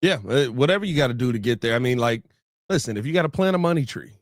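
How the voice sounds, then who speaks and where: A man co-hosting a sports podcast in relaxed, joking casual banter. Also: medium pitch, very fast, dry recording, studio quality. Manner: laid-back, joking. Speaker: podcast co-host.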